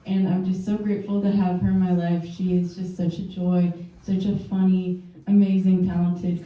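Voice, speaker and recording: A woman's voice: lowish voice, mellow. A woman friend gushing with praise in a tribute speech. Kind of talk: casual speech. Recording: dull, echoey, from far off.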